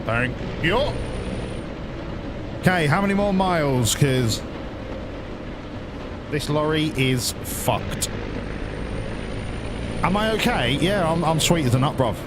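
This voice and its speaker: A man's voice: fairly high pitch, lively intonation, slow pace, pauses often, background noise. A man giving rambling, crude, jokey commentary while streaming a game. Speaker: gaming streamer. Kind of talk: casual gameplay commentary.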